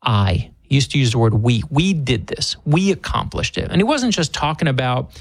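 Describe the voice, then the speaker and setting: A man's voice: medium pitch, lively intonation, moderate pace, no echo. A man being interviewed as an author guest on a talk radio show, speaking in an earnest, emphatic way and often repeating words as he starts a thought.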